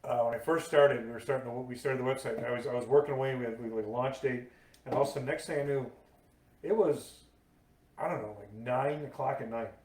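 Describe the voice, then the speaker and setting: A man hosting a casual podcast chat, telling his own stories in a lively way. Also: mid-range voice, fast, recorded from a distance. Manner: lively storyteller, acts out quoted voices. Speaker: podcast host. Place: podcast table in a room. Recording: echoey room, voice a bit off-mic.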